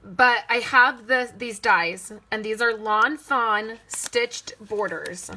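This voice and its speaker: A chatty woman runs a casual live crafting demo, thinking out loud and talking straight to her viewers. Her voice is bright and forward, and a faint hiss sits under it. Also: fairly high pitch, slow pace. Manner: reads and answers viewer comments. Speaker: card-making demonstrator.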